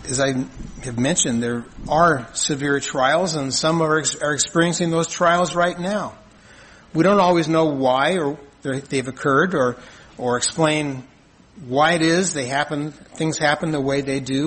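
Male pastor, husky and slightly high voice, earnest measured sermon delivery. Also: a bit bright, rough recording. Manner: earnest, measured preaching with rhetorical questions.

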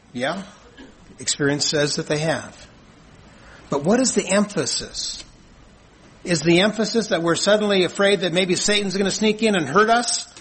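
A man preaching a sermon in an earnest, measured way, asking rhetorical questions and answering them. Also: high-pitched, a bit bright, husky, low-quality recording. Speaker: pastor.

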